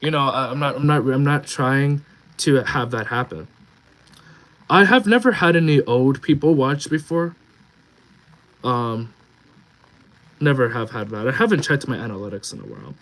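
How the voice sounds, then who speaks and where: A young male streamer talking off the cuff to his viewers. He rambles from one thought to the next, reads comments out loud and often restarts his sentences. His voice sits at an ordinary middle pitch. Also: very animated, normal speed, long pauses, low-quality recording. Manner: rambling, reads chat comments aloud, many restarts and fillers. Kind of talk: casual live-stream chat.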